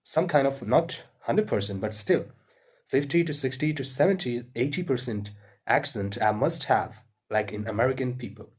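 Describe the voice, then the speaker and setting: A man's voice: medium pitch, expressive, normal speed, slightly rough. A man with an Indian accent giving earnest, repetitive spoken advice to English learners, with frequent fillers and restarts.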